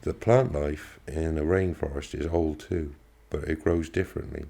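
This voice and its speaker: A man's voice: a bass voice, steady tone, moderate pace, vocal fry, dark tone, exaggerated voice. A man reading aloud, voicing a fit middle-aged man who talks eagerly about old forests. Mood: earnest.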